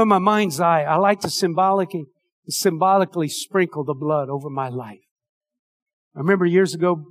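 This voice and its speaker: An older man delivers a sermon in a notably high voice. He preaches with fervor, dropping low and hushed before building back up to shouts. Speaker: pastor.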